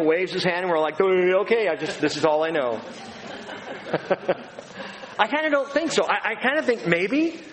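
A man's voice: mid-range voice, a bit bright. A pastor giving a conversational, humorous sermon to his congregation, acting out quotes. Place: church sanctuary. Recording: long hall reverb, faint room noise.

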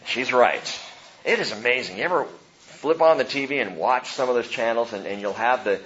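A male pastor preaching a sermon, animated, swinging between loud emphasis and hushed low lines. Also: moderate pace, muffled recording, a little hiss or hum.

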